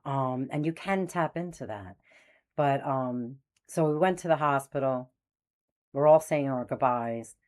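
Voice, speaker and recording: Woman in her sixties, a medium telling personal stories in a low voice, animated, acts out voices. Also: unhurried. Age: 60s. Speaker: spiritual medium host. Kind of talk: personal storytelling.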